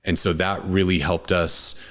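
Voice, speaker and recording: A man, a restaurant co-founder, talking casually in an interview, relaxed and rambling with many restarts. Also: sits low, measured pace.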